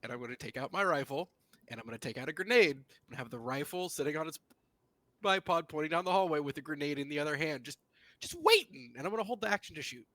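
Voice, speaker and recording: A man's voice: a little high, quick pace, a bit bright, no room sound. A man playing a tabletop game, declaring his character's actions step by step and asking about the rules. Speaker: player. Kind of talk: casual tabletop game play.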